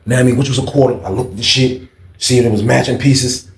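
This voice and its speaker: A man's voice: medium pitch, steady tone, quick pace. Man telling a slangy street story. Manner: slangy, profane, acts out every voice. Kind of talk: casual storytime. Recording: echoey room, faint ambience.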